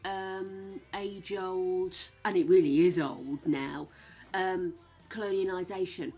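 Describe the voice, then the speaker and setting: An English woman chats casually while she streams a game, rambling and laughing often, sometimes dropping to a whisper. Her voice is husky and sits fairly low, with faint game music behind her. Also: steady tone, slow pace, warm tone. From England. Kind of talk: casual chat while gaming.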